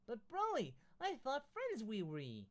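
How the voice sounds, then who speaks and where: A man's voice: on the high side, huge pitch swings, a little fast, voice pushed up. A man voicing a cheerful, naive male alien hero with a goofy, teasing manner.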